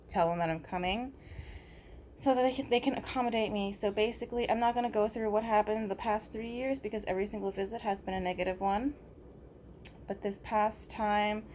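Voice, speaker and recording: A woman records herself on a phone, telling a personal grievance in a blunt, profane way. Her voice sits at an ordinary middle pitch. She strings her thoughts together with "basically" and "like", and a faint hiss sits under the recording. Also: a little mellow. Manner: blunt, swears, leans on fillers like "basically" and "like". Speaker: vlogger. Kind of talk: direct-to-camera personal complaint. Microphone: phone camera.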